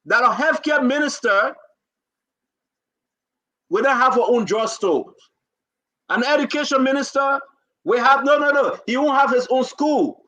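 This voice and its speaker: A Liberian man with a high, piercing voice speaks in a declamatory political address. He is emotional and holds back tears, hammering home his points by repeating phrases. His tone is bright and forceful throughout. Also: unhurried, long pauses. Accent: Liberian English. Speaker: talk show host. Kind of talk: impassioned political speech.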